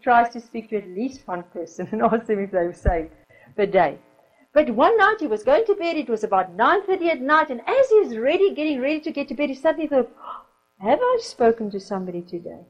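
High lively woman telling a sermon story. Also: muffled recording. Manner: lively storyteller, soft whispers for quoted child, occasional laughs. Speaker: preacher.

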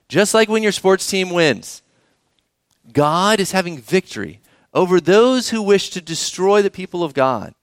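A man's voice: high voice, fairly bright tone, no room sound, clean studio sound. A man preaching a sermon, reading scripture aloud and asking the children in the congregation questions. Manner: engaging, asks the children questions. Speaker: pastor.

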